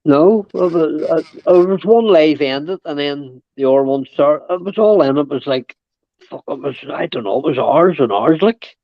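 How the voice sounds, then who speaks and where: A man's voice: a little high, expressive, normal speed, no echo, highs cut off. A man in casual chat on a live panel, apologetic and repeating himself, with some swearing. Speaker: panel guest.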